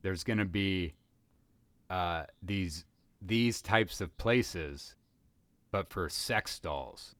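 A man's voice: deep voice, drawn-out words, pauses often, fairly bright tone, no echo. A man co-hosting a comedy podcast, rambling through jokes in casual chat. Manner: rambling, many fillers and restarts. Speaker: podcast co-host.

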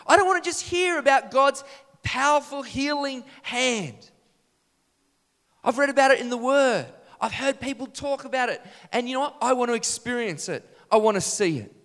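A man preaching a sermon, animated and full of rhetorical questions to his congregation. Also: extremely high pitch, moderate pace, in a large hall.

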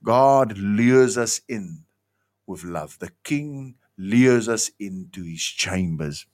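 A man preaching a sermon with emphatic delivery that rises high and drops low. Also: lively intonation, slow pace, darkish tone. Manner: emphatic, pitch swinging between highs and lows.

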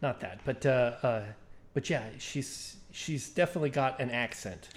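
A man in a casual podcast chat, halting and restarting as he thinks aloud. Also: medium pitch, background noise. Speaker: podcast co-host.

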